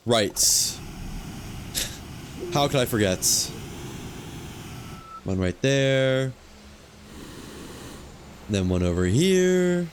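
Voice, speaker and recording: A man's voice: mid-range voice, extremely slow, long pauses, noisy background. A man streaming a video game, casually talking himself through what he is doing on screen, muttering and thinking aloud. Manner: relaxed, muttering to himself while playing. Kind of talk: casual gameplay commentary.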